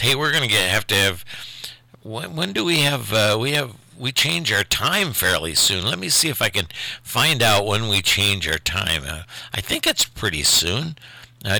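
A man's voice: on the low side, gravelly, pushed and bright, no echo. An older man from Ohio hosting a local call-in radio show, rambling in a chatty, self-deprecating way. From Ohio, USA. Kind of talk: casual radio chat.

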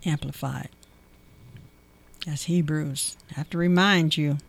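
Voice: mid-range voice, steady tone, takes it slowly, creaky, slightly rough. A speaker reading scripture aloud and reflecting on it devotionally, with emphatic stress and repeated key phrases.

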